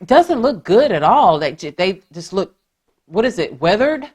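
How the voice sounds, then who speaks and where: A podcast host chats casually, mixing swearing with gossipy humor. Her medium-pitched voice is very animated, slightly slow, a little mellow and a touch rough.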